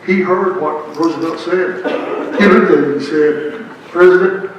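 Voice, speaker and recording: A man's voice: fairly high pitch, measured pace, highs cut off, slight background noise. Man, preacher, storytelling sermon, distant mic, big church echo. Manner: storytelling, joking with the congregation. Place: church sanctuary. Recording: echoey church heard from afar.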